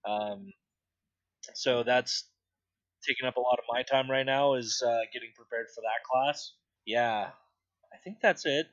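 A man's voice: medium pitch, a little slow, pauses often, lo-fi sound. A young man chatting casually on a podcast, blunt and profane, rambling with lots of fillers. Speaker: podcast co-host, distillery industry board representative.

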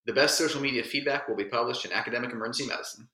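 A man's voice: medium pitch, rapid-fire, bright, forceful tone. An easygoing man, an emergency physician, chatting on a podcast and hesitating at times. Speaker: guest co-host, emergency physician. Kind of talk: casual chat. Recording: roomy echo.

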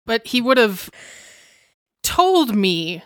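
A woman's voice: on the high side, big pitch swings, drawn-out words, dry recording, heavily acted. A woman playing a stubborn, loyal young niece who speaks earnestly, with a dry close sound.

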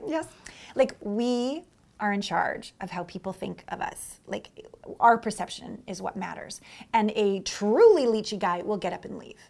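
A middle-aged woman, a guest on a podcast, telling lively stories about dating and acting out what people said. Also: medium pitch, normal speed, creaky. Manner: expressive, acts out quotes with big swings in loudness. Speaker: podcast guest, relationship coach. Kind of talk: animated interview storytelling.

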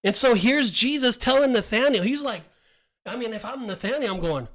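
Podcast co-host, male, high pitched, excitable storyteller who acts out the characters. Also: fairly quick, no echo. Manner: animated storytelling, acts out voices of biblical figures. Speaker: podcast co-host teaching the Bible. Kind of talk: casual Bible study chat.

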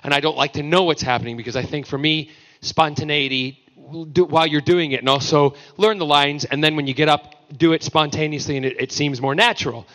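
A man's voice: a little high, fairly even intonation, brisk, hardly any pauses, a bit bright. A man, an actor guest on a fan panel, telling playful stories and acting out the quotes in voices. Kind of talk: convention panel storytelling.

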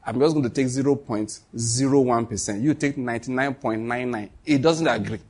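A man's voice: medium pitch, a little fast, darkish tone, slightly rough. A man preaching a sermon, telling a story and acting out the dialogue between God and the prophets.

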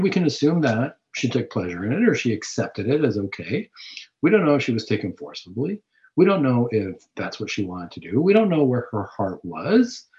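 Animated man preaching on scripture. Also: mid-range voice. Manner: animated, rhetorical questions, retells scripture. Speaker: host of a Catholic talk show. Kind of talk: preaching-style reflection on scripture. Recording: dull lo-fi recording.

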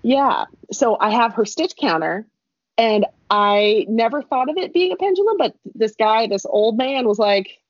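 A woman's voice: on the high side, animated, measured pace, dry recording. A young woman telling a rambling story in casual chat, laughing and adding asides as she goes. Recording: dull lo-fi dry recording.

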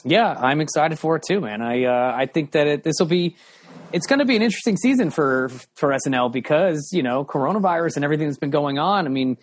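A man's voice: a little high, lively intonation, fast. A man hosting a chat show, talking in an eager, upbeat way and laughing often. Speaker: podcast host. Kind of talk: casual chat.

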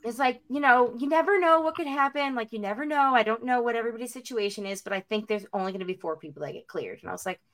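A young woman co-hosting a podcast, telling a long story in casual chat, full of "like" and acting out everyone's lines with big jumps in pitch. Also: quick pace, hardly any pauses. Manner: animated, acts out quotes with big pitch jumps; peppered with "like" and casual swearing. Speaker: podcast co-host.

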